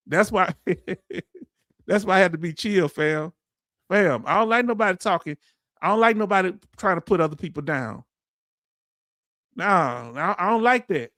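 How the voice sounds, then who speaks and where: A middle-aged man with a drawl holds forth on his livestream, blunt and impassioned as he answers his chat. His voice sits fairly high for a man. The sound is dry and close, with no room echo. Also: fairly bright tone. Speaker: veteran livestream host. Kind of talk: casual livestream rant.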